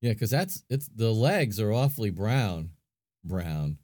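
A man with a fairly low, mellow voice talks casually on a podcast, pausing and hedging as he thinks aloud. The recording is dry and close. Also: big pitch swings, no room sound. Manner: hesitant, thinking aloud with many fillers. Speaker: podcast co-host. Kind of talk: casual chat.

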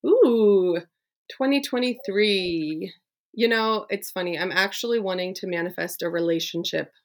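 A woman's voice: mid-range voice, unhurried. A woman business coach, a podcast guest, talking casually and eagerly with lots of fillers. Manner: chatty and enthusiastic, many "like" fillers. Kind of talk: casual conversational interview.

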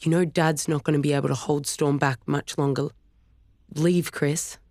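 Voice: mid-range voice, little pitch movement, moderate pace, darkish tone, no echo, close to an everyday voice. A wary young woman, read by a narrator speaks in short, clipped lines. The voice sits close and dry. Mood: tense. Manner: clipped, snapping. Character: tense young woman, a pro surfer.

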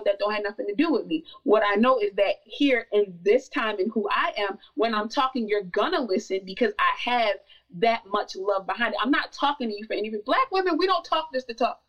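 A woman's voice: a little high, a bit bright, far from the mic, rough recording. A woman speaking as a podcast guest, talking passionately and emphatically, repeating words for stress. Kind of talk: casual podcast conversation.

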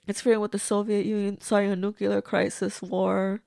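Gravelly-voiced woman reacting to a movie. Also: mid-range voice, level tone, fairly quick, darkish tone, no room sound, clean studio sound. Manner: chatty, exclaiming, talks back at the screen. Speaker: movie reviewer. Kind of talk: casual watch-along reaction.

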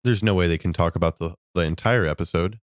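Deep-voiced man joking on a podcast. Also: fast talker, dry recording, clean studio sound. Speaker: podcast co-host. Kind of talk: casual chat.

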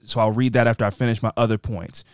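A man hosting a podcast in casual chat, rambling and animated as he interrupts himself. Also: on the low side, fast talker, smooth, no echo, clean studio sound. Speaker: podcast host.

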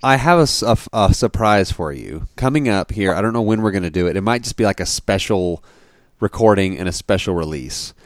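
Chatty low-voiced podcast host. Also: male voice, fairly quick, dry recording, studio quality. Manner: animated, lots of "like" fillers. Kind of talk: casual chat.

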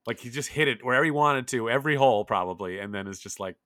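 A man's voice: medium pitch, lively intonation, fast, a bit bright, dry recording, clean studio sound. A man chatting casually about golf as a podcast co-host, rambling with lots of filler words.

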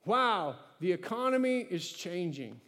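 A man preaching a sermon as pastor, animated, acting out his own talks with God. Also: sits high, a little slow. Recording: long hall reverb.

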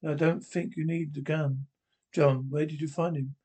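A man's voice: fairly high pitch, steady tone, normal speed, warm tone, husky. A man reading the lines of a tough, blunt female pilot in a curt, commanding way, in his own voice.

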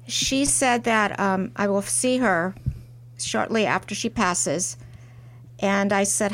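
A middle-aged woman being interviewed, telling her story in a reflective way and restarting her sentences softly. She is a porcelain artist guesting on a talk show. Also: medium pitch, slow pace. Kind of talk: interview conversation.

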